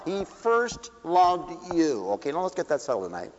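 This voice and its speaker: A man preaching a sermon, swinging from loud declarations to hushed asides. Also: on the high side, very animated. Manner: rapid asides to the audience. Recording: dull echoey hall recording.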